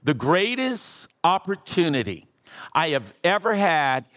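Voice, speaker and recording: A man's voice: fairly high pitch, very animated, unhurried, fairly bright tone. A man in his sixties preaching a sermon in a church auditorium, passionate and calling out to the congregation. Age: 60s. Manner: impassioned preaching with audience callouts. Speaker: pastor.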